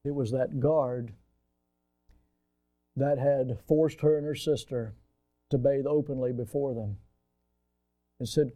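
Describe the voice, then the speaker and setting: A man preaching a sermon, telling a story with dramatic swings from loud emphasis to hushed quiet, calling his listeners folks. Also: medium pitch, fairly even intonation, takes it slowly, long pauses. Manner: folksy, addresses audience as folks.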